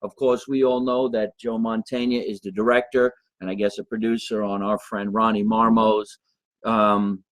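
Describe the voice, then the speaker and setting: A man's voice: on the low side, moderate pace, no room sound. A man hosting a casual live chat show as a comedian, joking and laughing with viewers. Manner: laughs often, animated banter with viewers. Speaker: comedian host.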